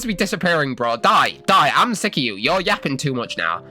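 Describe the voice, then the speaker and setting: A streamer giving live gameplay commentary, ranting loudly and swearing at the game. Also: medium pitch, big pitch swings, brisk, few pauses, faint music behind. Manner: loud, swearing, exasperated ranting.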